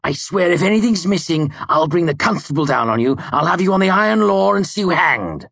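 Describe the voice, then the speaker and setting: A man voicing an arrogant young nobleman who shouts and sneers pompously. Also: high voice, lively intonation, brisk, gravelly, no room sound, voice pushed up, heavily acted. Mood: furious, sneering.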